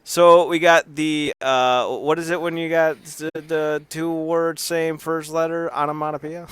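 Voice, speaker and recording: A man's voice: fairly high pitch, little pitch movement, measured pace, a bit bright, smooth, no room sound. A man co-hosting a casual wrestling podcast, cracking profane jokes and acting out quotes in silly voices. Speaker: podcast co-host.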